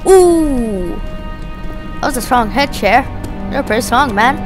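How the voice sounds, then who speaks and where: A woman's voice: on the high side, animated, slow pace, over music. A woman giving playful, jokey let's play commentary, talking to the objects in the game. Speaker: gamer.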